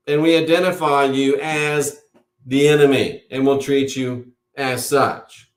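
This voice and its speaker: A man hosting an online show, giving an impassioned monologue to a live audience. He speaks emphatically and in a preachy way, repeating key words for force. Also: medium pitch. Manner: emphatic, with insistent repetition; preachy, declaring things as certain. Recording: roomy echo.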